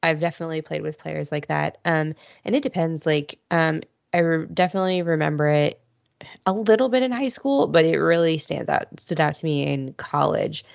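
A woman's voice: low voice, moderate pace, creaky, no echo, dull audio. A woman co-hosting a podcast in casual chat, telling stories in a rambling way full of fillers. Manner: rambling, filler-heavy storytelling. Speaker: podcast co-host.

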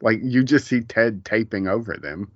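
40s guy on a podcast, lowish voice, rambly, keeps cutting himself off, dry muffled mic. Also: normal speed, no room sound. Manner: rambling, self-interrupting, laughs at his own retellings. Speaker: podcast co-host. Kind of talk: casual chat.

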